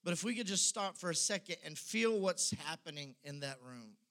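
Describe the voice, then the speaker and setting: A man preaching a sermon with dramatic swings between loud, pressing passages and hushed, quiet ones. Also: on the high side, animated, moderate pace. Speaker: pastor.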